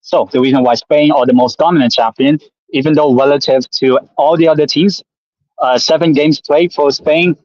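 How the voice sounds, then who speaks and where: A man's voice: medium pitch, no echo, lo-fi sound. A man laying out his argument point by point in a casual online football debate. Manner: steady, methodical listing of points. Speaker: panelist.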